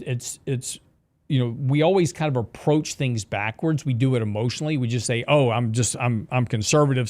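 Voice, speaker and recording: Man, finance show host, mid-pitched voice, steady explanatory talk, hiccups.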